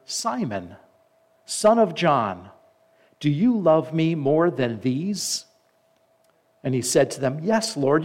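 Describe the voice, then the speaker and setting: Reading from scripture during his sermon, a pastor slows for the quoted verses and stops at times to add his own remarks. His voice sits a little high.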